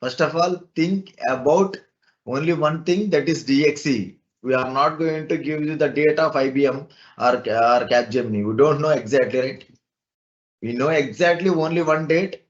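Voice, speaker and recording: A man's voice: a little high, normal speed, highs cut off. A man teaching an online class, explaining step by step and asking rhetorical questions.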